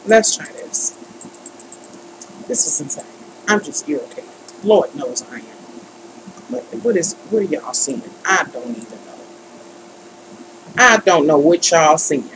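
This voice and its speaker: Slow-talking woman, fussing aloud. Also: sits low, lively intonation, noisy background. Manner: frustrated, fussing and muttering to herself. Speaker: tarot reader hosting a livestream. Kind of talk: live-stream chat.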